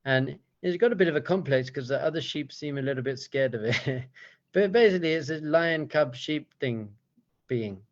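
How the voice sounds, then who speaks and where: A man speaking as a rabbi, giving an animated teaching talk full of storytelling. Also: on the high side, moderate pace, highs cut off.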